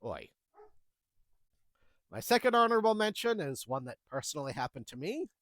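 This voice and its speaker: A chatty man tells his work stories in a wry, casual way. His voice sits high and swings up and down a lot. He is close to the mic with no room sound. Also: very animated, moderate pace, a bit bright, no room sound. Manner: chatty, wry, acts out the dialogue. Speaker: storyteller recounting retail jobs. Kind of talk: casual storytelling.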